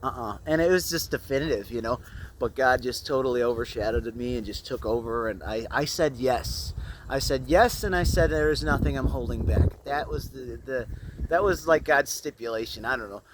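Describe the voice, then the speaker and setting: A man sharing a personal faith testimony in an earnest, casual, halting way. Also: medium pitch, animated, a little hiss or hum. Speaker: testimony speaker.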